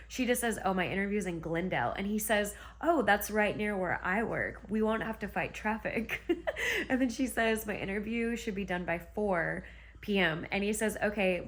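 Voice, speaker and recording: A woman retelling a romance novel in a chatty, gushing way on her book vlog. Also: mid-range voice. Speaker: book vlogger. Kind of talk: casual book reading vlog.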